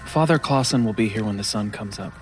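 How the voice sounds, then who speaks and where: An actor playing a tired teenage older brother in an audio drama, speaking in an even, weighted way. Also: male voice, fairly low pitch, a little fast, faint music behind, lightly acted. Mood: grave. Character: weary teenage older brother, grave and steady.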